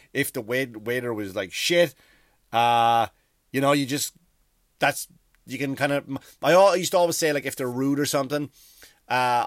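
A man in his forties hosts a comedy podcast, telling stories in a loose, rambling way. He swears often and makes fun of himself. His mid-pitched voice sounds close and dry, with no room around it. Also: no room sound. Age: 40s. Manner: rambling, profane, self-deprecating storytelling. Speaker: podcast host. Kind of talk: comedic monologue.

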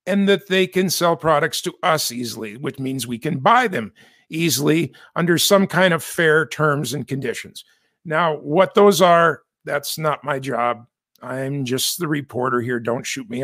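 A man's voice: fairly high pitch, fairly bright tone, no room sound, studio quality. A man from the United States giving chatty, self-correcting commentary with jokey asides. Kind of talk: casual spoken commentary.

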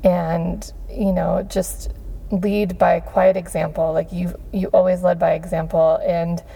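A podcast host in her thirties giving heartfelt thanks, gushing, with frequent pauses and fillers. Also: on the low side, level tone, creaky, warm tone, slightly rough. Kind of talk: heartfelt Father's Day shout-outs.

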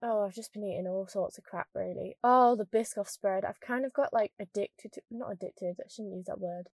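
A young woman from northern England with a mild northern accent, hosting a podcast as a casual chatty monologue and rambling quickly with lots of "like". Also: mid-range voice, no room sound. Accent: mild northern English. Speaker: podcast host.

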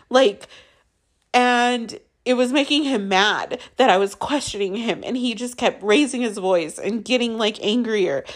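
A woman's voice: a little high, unhurried. A woman telling a raw, emotional story from her own life in casual speech, often saying "like" and swearing.

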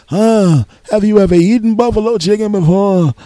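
A man's voice: moderate pace, no echo, studio quality, lightly acted. A man voicing a rude, impatient sandwich-shop worker who mocks and badgers. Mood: badgering. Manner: shrill, mocking, badgering.

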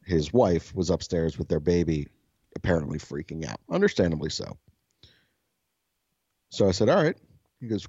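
Low-voiced guy telling a wild story, swinging up and down, dry muffled sound. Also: moderate pace, pauses often, breathy edge, no echo. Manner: animated, swears freely, laughs often; self-described soft-spoken. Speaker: podcast co-host. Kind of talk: casual storytelling.

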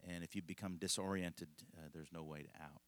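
A man's voice: low-pitched, fairly even intonation, fairly quick. A middle-aged male pastor telling a rambling, folksy story in a conversational sermon, laughing often.

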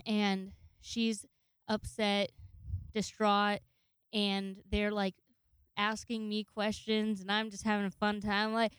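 Young woman in her 20s rambling through a story, swears a lot, laughs a bunch, smooth clear voice, dry sound. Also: medium pitch, level tone, unhurried, dry recording. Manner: rambling, profane, laughs often. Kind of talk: casual storytelling.

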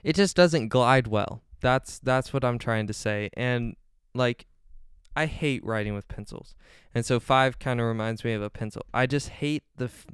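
Young man, podcast host, casual rambling chat, slow pace, very clear voice, dry close mic. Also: mid-range voice, no room sound. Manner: rambling, easily sidetracked, frequent ums.

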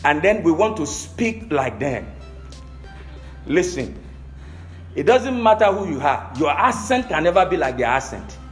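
A man's voice: fairly high pitch, big pitch swings, measured pace, long pauses, soft background music. A male pastor preaching a sermon, emphatic, often asking the congregation if they are listening.

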